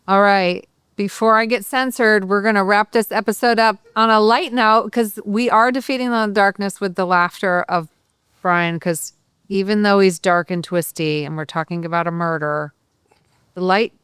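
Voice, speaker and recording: A woman's voice: mid-range voice, a bit bright, clean tone, no room sound. A woman hosting a podcast in casual chat. She is playful and laughs often while talking. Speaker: podcast host.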